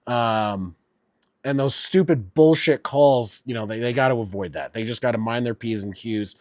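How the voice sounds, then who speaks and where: A man's voice: medium pitch, moderate pace, dry recording, studio quality. Fired-up man calling football from home. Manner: casual, swears freely, gets worked up over calls. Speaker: streamer doing live play-by-play. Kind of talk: live sports play-by-play and reactions.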